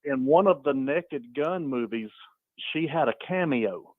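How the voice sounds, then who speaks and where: A man's voice: mid-range voice, lively intonation, a little slow, no echo, narrow, tinny audio. A man chatting casually on a talk show, telling funny stories in a laid-back way and laughing at them. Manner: laid-back storyteller, chuckles often. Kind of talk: casual chat.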